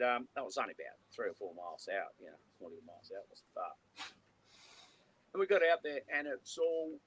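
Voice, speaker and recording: A man's voice: medium pitch, a bit bright, slight background noise, low-quality recording. Rambling man telling stories. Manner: rambling anecdotes with restarts and acted-out quotes. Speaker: co-host, musician telling stories. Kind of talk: casual chat, storytelling.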